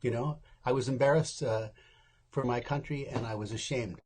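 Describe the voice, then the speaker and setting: A man's voice: mid-range voice, moderate pace, noisy background. A man in his seventies, an interview guest, telling candid stories in a wry, casual way and acting out the people he quotes.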